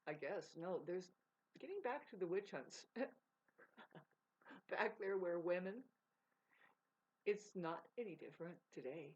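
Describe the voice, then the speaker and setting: A woman's voice: on the low side, lively intonation, a little slow, pauses often, darkish tone. A woman vlogging in a rambling, profane casual monologue, laughing mid-sentence. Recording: dull lo-fi sound.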